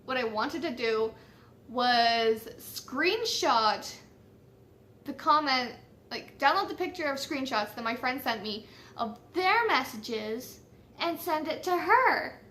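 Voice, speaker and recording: A woman's voice: sits high, expressive, slow pace, fairly bright tone, slight background noise. A woman casually telling a personal story, chatty and swearing freely, laughing at how silly it was.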